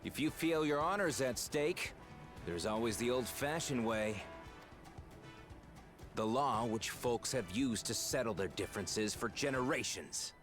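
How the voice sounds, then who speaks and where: An actor playing a cocky young gunslinger in a game, brash and taunting. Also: male voice, mid-range voice, expressive, measured pace, a bit bright, soft background music. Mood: confident.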